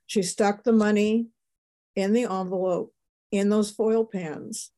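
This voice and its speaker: Mellow-voiced older woman telling a story. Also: mid-range voice, takes it slowly. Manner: emotional, animated storyteller. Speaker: guest. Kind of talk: personal testimony.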